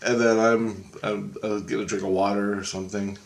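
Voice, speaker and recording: A man who has just woken up, clearing his throat as he tells a long personal dream story, halting and meandering with many fillers and restarts. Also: lowish voice, little pitch movement. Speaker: video blogger recounting a dream.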